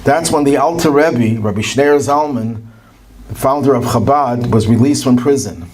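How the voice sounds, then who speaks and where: A man's voice: medium pitch, normal speed, darkish tone, slight background noise, pitched above the performer's own voice, natural voice, poor audio. A man voicing an eager young schoolboy answering in class.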